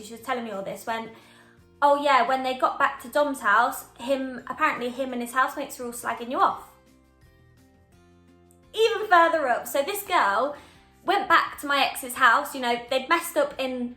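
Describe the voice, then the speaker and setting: A young woman telling a storytime vlog in an animated, emphatic way, acting out quoted dialogue. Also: high-pitched. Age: young adult. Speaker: vlogger. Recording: echoey room, faint background music.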